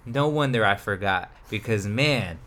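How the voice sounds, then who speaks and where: A man from Colorado co-hosting a podcast in casual chat, who talks relaxed and enunciates carefully. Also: fairly low pitch, a little slow. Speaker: podcast co-host.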